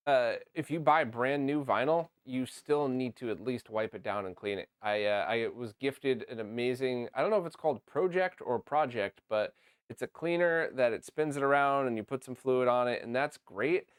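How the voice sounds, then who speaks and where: A man's voice: medium pitch, normal speed, clear, resonant tone, no echo, studio quality. A man hosting a casual chat, easygoing and teasing his guest. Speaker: host.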